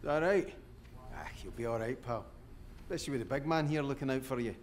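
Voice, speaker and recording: An actor playing a weary, dry-humoured Scottish oil rig electrician in a video game. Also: male voice, medium pitch, expressive, brisk, a little hiss or hum, close to an everyday voice. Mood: reassuring.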